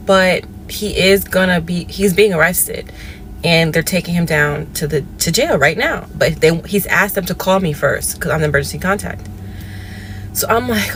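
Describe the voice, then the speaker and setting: Animated woman from Georgia telling a story. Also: measured pace, a little hiss or hum. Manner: animated, re-enacts phone dialogue with big pitch jumps. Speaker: storyteller in a viral clip. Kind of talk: casual storytelling.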